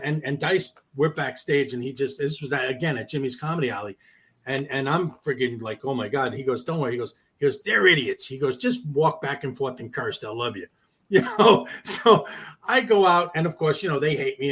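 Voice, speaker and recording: A man, a comedian, telling a quick, rambling story about opening for another comic, peppered with swearing. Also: a little high, fairly bright tone, slightly rough. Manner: quick, rambling, with salty slang. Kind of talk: casual anecdote telling.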